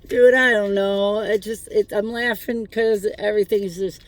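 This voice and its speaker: Speaking at a moderate pace in a mid-range, fairly even voice, a tarot reader offers an informal spiritual pep talk while sitting in a parked car after dark. The encouragement is sincere, though peppered with profanity and humor.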